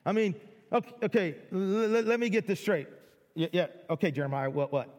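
High-pitched middle-aged guy preaching in a big echoey church, gets all worked up and repeats himself. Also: fairly quick. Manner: excitable, repeats words, acts out listeners' amazement. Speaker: pastor. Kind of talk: sermon. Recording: long hall reverb.

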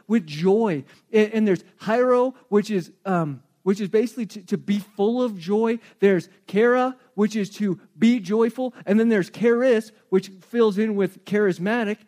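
A man pastor with a notably high-pitched voice delivers a sermon. He preaches in a relaxed, conversational manner and drops in joking asides along the way.

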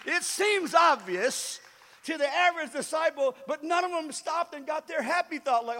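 A man with a very high voice preaches in a church, and his words ring out with long reverb. He talks in a loose, joking way with the congregation and builds up to shouts. The sound is of a live sermon in a big space. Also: animated, moderate pace, some chatter behind. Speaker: pastor.

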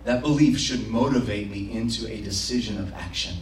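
A man's voice: lowish voice, a little fast, slight background noise. A man preaching a sermon as pastor, passionate and acting out prayers and imagined quotes, recorded in a church. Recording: roomy, from a distance.

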